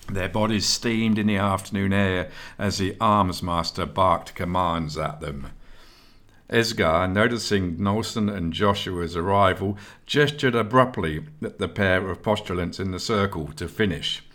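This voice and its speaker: A man narrating a fantasy audiobook in a steady, measured reading voice. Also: sits low.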